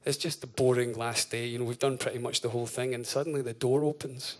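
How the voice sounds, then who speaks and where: Male band frontman, 30s, mid-pitched, loose stage patter full of "um" and "like", casual cursing. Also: little pitch movement, fast. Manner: chatty, full of fillers, swears and laughs. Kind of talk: rambling stage banter between songs. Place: live concert venue.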